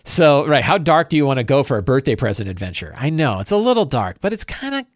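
A man's voice: medium pitch, sing-song, quick pace, no echo, clean studio sound. A man acting as game master, casually thinking aloud on a livestream, often checking in with "right?" and restarting his phrases. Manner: frequent restarts and repeated words.

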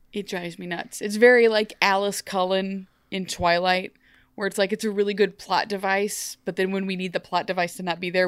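A woman's voice: mid-range voice, dry recording. Giggly woman in a dry, close sound. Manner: excitable, giggly, quick jokey voices. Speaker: podcast co-host. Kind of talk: casual recap chat.

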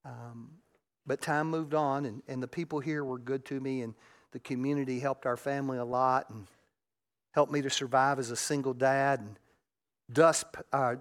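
Emotional middle-aged pastor preaching. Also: male voice, mid-range voice. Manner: raw, emotional storytelling, swinging from loud to hushed. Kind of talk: sermon.

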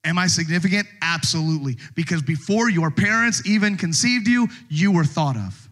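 A middle-aged man preaching a sermon as pastor, animated, swinging from quiet asides to shouted bursts as he acts out voices. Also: fairly high pitch, moderate pace.

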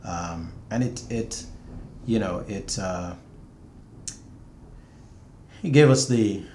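A man, a grieving father, speaking haltingly and hesitantly as an interview guest. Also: sits low, a little mellow, a little hiss or hum. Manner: hesitant, many fillers and restarts. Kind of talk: halting conversational speech.

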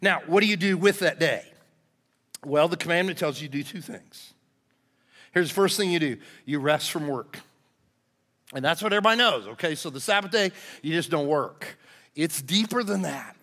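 A man's voice: a little high, lively intonation, moderate pace, fairly bright tone. A man, a pastor preaching a sermon in a folksy, joking way to his congregation. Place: church sanctuary. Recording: long hall reverb in a church.

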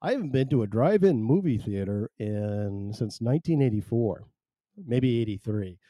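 With a warm, animated medium-pitched voice at normal speed, this middle-aged host chats loosely on his solo podcast, self-amused and rambling as he reads listener chat. The sound is dry and studio quality.

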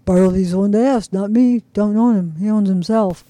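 A woman voicing a gruff, low-voiced old junkyard keeper with a dry sense of humor in a storybook reading. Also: brisk, mellow, dry recording, close to an everyday voice, low-quality recording.

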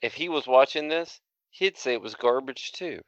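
A man's voice: mid-range voice, lively intonation, normal speed, fairly bright tone, dry recording, highs cut off. A man hosting a casual podcast, blunt and sarcastic. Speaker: podcast host. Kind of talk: casual chat.

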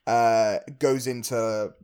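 A man's voice: medium pitch, fairly even intonation, extremely slow, a little mellow, clean tone. A man co-hosting a casual film chat, thinking aloud and often repeating words as he goes. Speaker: podcast co-host.

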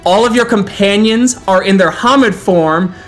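A man serves as storyteller for a tabletop horror game, describing scenes and explaining rules. His delivery is measured and descriptive, at times drawn out for weight. Faint music plays underneath. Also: high voice.

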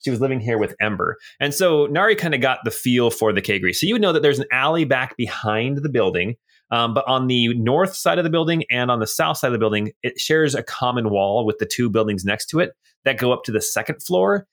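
A relaxed man narrates a tabletop game as its game master. He describes each scene casually and rambles a bit, with plenty of ums along the way. His voice sits at a middle pitch. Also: brisk. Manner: casual, rambling, many fillers.

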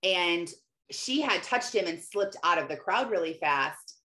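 A woman sharing a casual devotional talk, retelling a scripture story in her own words. She speaks in a relaxed, conversational way, dropping "like" as she goes. She is a mother speaking plainly to her listeners about belief. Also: lowish voice, unhurried. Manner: conversational retelling with frequent "like" fillers. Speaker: mother sharing faith reflections.

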